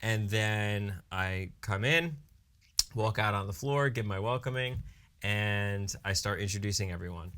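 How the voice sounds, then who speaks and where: A man, a wedding DJ and emcee co-hosting a podcast, telling a story in a casual, animated way and peppering it with "you know" and "right". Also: lowish voice. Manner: animated storyteller who briefly acts out his own hype announcements.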